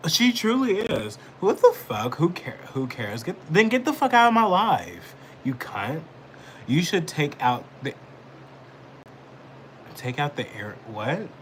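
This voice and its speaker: A man's voice: medium pitch, background noise. A man giving casual live political commentary, rambling, swearing and snapping back at chat comments. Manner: rambling, profane, reacts angrily to chat comments.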